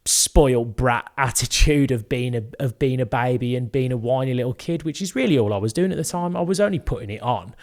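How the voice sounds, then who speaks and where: A man's voice: medium pitch, a little fast, hardly any pauses, darkish tone. Earnest young British man, candid storytelling. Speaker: podcast co-host. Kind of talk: casual podcast chat.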